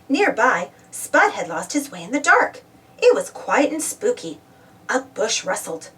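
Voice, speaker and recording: A woman gently reading a children's storybook aloud as a storyteller. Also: on the high side, sing-song, a little slow, far from the mic.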